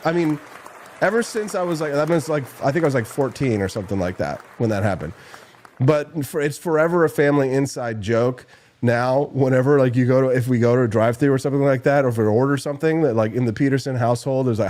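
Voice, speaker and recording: A man's voice: mid-range voice, brisk, darkish tone, a faint crowd, a little hiss or hum. A male talk show host telling a long anecdote in a loose, rambling way, full of fillers and restarts. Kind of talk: casual radio talk show.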